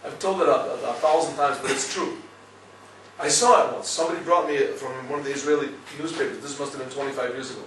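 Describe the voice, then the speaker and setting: A man giving a lively Torah class, telling stories and checking with listeners as he goes. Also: mid-range voice, fast, very echoey, distant mic, slight background noise, poor audio. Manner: storytelling, lively, asks listeners "right?". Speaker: rabbi teaching a class.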